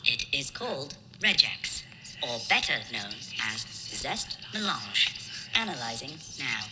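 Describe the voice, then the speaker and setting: A woman's voice: extremely low pitch, big pitch swings, heavy background noise, exaggerated voice. A woman voicing a formal assistant droid. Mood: calm report. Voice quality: formal, measured machine speech. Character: polite assistant droid pilot, female voice. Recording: reverberant hall, faint music.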